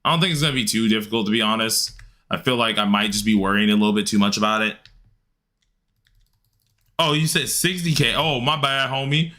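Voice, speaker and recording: A man's voice: fairly low pitch, lively intonation, fairly quick, pauses often, pushed and bright. A man streaming a game, chatting casually with his chat in a laid-back, slangy way and laughing often. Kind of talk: casual livestream chat while gaming.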